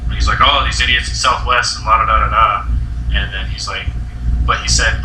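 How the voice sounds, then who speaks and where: A man's voice: on the low side, level tone, fast talker, background noise. A young man hosting a casual chat, telling a long story full of filler words. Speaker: host. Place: friend's house indoors. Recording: echoey room, mic at a distance.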